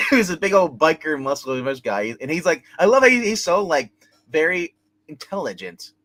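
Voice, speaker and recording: A man's voice: on the high side, moderate pace, no room sound. Rambling man recapping a TV episode. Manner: rambling, animated retelling with acted quotes and swearing. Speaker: show host reviewing a TV episode. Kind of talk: casual recap chat.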